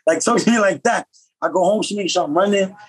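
A man from upstate New York, a professional boxer, telling stories as a podcast guest in a casual, slangy, animated way. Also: high-pitched, husky, poor audio. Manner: fast, slangy, animated storytelling. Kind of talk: casual storytelling.

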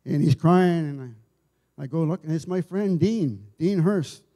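A man giving an informal church sermon, telling stories in a halting way, often repeating and restarting his words. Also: on the high side, warm tone. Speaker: lay preacher. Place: church service.

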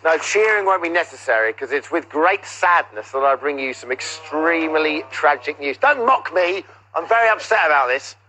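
A man's voice: on the high side, lively intonation, moderate pace, few pauses, noisy background. A man hosting a TV show, teasing his guest in a theatrical, playful way. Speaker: TV host. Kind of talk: playful studio presenting.

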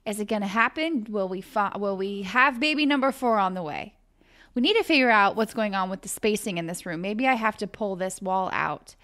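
A woman's voice: mid-range voice, brisk, a bit bright. A young woman hosting a casual let's-play, chatting animatedly with her viewers while she plays. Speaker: gaming channel host.

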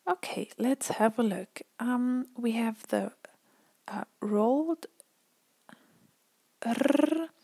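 A woman teaching pronunciation, saying example words slowly and carefully and repeating them for the learner. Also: a little high, gravelly, dark tone, breathy edge, dry recording. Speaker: language teacher. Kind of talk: pronunciation lesson.

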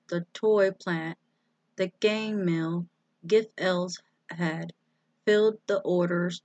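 A woman reading a children's book aloud, with slow, deliberate phrasing. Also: fairly low pitch, a little mellow, no echo. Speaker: storybook reader.

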